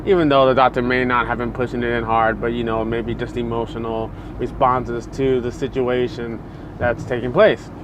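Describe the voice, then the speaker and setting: Casting: male preacher, mid-pitched voice, easygoing devotional talk, chatty and full of fillers, faint hum behind. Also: flat delivery, moderate pace. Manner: conversational and loose, many fillers like "you know" and "like".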